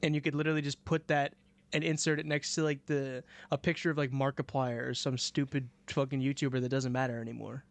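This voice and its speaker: A man's voice: mid-range voice, little pitch movement, fast. A young man co-hosting a podcast in casual chat, rambling with lots of "like" and casual swearing. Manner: rambling, fillers like "like", curses. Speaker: podcast co-host.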